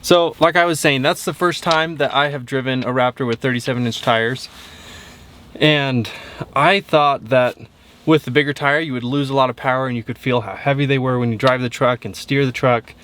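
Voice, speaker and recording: A man's voice: mid-range voice, steady tone, moderate pace, fairly bright tone. Easygoing man reviewing a truck, noisy. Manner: easygoing, upbeat, frequent "um" fillers. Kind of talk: casual walkaround vlog. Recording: windy outdoor noise.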